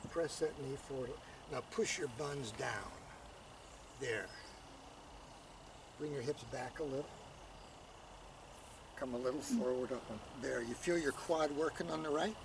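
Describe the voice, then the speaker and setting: A man coaching a student through riding posture stretches with calm, step-by-step directions. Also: medium pitch, vocal fry. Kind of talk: instructional coaching. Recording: distant mic, noisy outdoor background.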